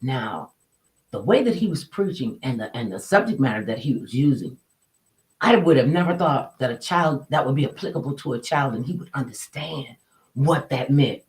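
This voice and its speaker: A woman telling a personal story casually, colloquial and animated, acting out the people she quotes. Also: extremely low pitch, normal speed, poor audio.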